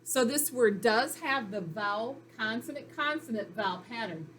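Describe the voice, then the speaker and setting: A woman's voice: fairly high pitch, lively intonation, normal speed, a bit bright, slight background noise. A woman teaching a phonics lesson to young children, sounding out letters and syllables in a patient, encouraging way. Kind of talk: recorded reading lesson for children.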